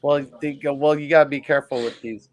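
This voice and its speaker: A man's voice: a little high, steady tone, fast talker, lo-fi sound. A married man chatting casually on a livestream, often laughing into his own remarks.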